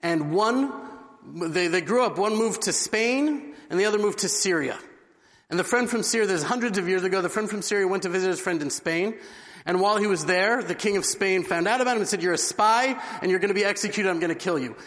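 Earnest high-voiced man preaching. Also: brisk, fairly bright tone. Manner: earnest storyteller. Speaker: religious speaker. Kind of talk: inspirational religious talk. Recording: long hall reverb.

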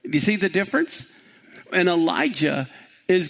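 A man preaching a sermon, retelling the scripture story with animation and then dropping into a lower, conversational tone for commentary. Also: lively intonation, moderate pace, creaky, fairly bright tone. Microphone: live-streamed.

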